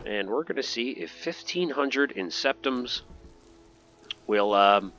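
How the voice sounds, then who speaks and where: A man's voice: medium pitch, expressive, slow pace, fairly bright tone, dull audio, soft background music. A man giving casual, joking commentary over gameplay and talking back to game characters. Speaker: gaming video host.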